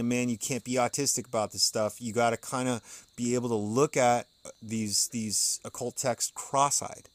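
A man's voice: medium pitch, no room sound. A man speaking outdoors on a porch, musing conversationally as a podcast host, chuckling often and reading passages aloud between his thoughts. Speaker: podcast host reading and explaining an occult text. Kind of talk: casual spoken commentary.

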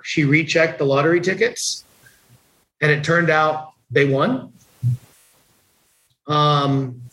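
Middle-aged man telling a lively anecdote. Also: a little high, rough recording. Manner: conversational, animated anecdote-telling with quoted dialogue. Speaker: guest attorney. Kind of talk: casual storytelling interview.

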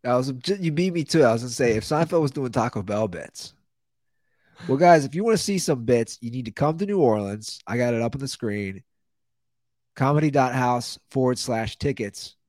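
A man's voice: medium pitch, lively intonation, normal speed, darkish tone, dry recording. A male comedian hosting a podcast, telling stories casually with stammering restarts. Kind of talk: casual chat.

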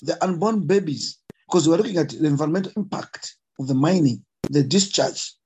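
A man with a Zambian accent speaks as a conservationist guest, his voice husky and a little higher than most men's. He is emotional and emphatic, circling back to repeat his key points. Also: a little fast, darkish tone, low-quality recording. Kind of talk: impassioned interview talk.

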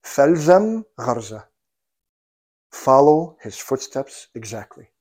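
A man preaching a sermon, telling the story dramatically, dropping to a hush and rising to loud cries, with Arabic phrases mixed into his English. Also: high voice, animated, brisk.

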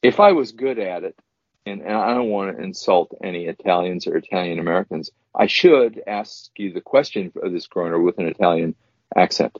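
A man's voice: deep voice, fairly quick, no room sound, dull audio. A man who is the show's producer, bantering in an easygoing, laid-back way in casual podcast chat.

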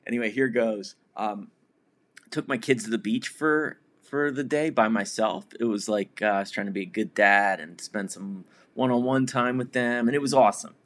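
A man in his forties tells a personal story in a loose, rambling way. His voice sits somewhat low, and he leans on fillers and chuckles at himself as he goes. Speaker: podcast host in recovery.

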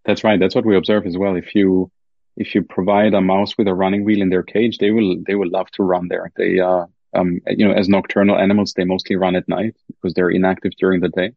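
A man's voice: deep voice, little pitch movement, fairly quick, gravelly, no room sound, highs cut off. A man with a German accent explaining research carefully as a podcast guest, with many fillers and restarts. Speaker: guest scientist. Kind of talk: podcast interview.

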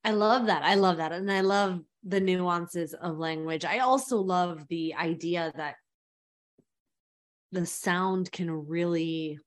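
A woman's voice: on the low side, slow. A middle-aged woman hosting an interview, asking curious and reflective questions. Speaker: podcast host. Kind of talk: interview conversation.

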